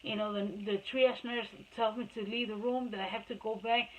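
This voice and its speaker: A woman's voice: a little high, fairly even intonation, moderate pace, rough recording. A woman talking casually about her past, rambling with many restarts and fillers, sometimes slipping into Spanish. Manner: switches between Spanish and English. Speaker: mother telling her life story. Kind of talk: casual personal storytelling.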